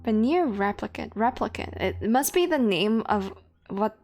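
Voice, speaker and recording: A woman's voice: medium pitch, expressive, measured pace, darkish tone. A young woman from Hong Kong streaming a game live. She reads the on-screen story text aloud and chats between passages, with lots of fillers and self-corrections. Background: faint game music and keyboard typing.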